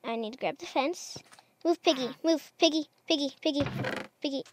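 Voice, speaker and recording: A woman's voice: high-pitched, moderate pace, noisy background. A woman casually commenting as she plays a building game, chatty and unsure of herself, talking to the animals she meets. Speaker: gamer. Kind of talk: casual Minecraft let's play commentary.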